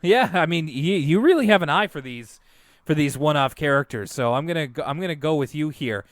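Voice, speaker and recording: Lively, higher-voiced man chatting on a podcast. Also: brisk, dry recording, clean studio sound. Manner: loose and chatty, many fillers and restarts. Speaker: podcast co-host. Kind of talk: casual chat.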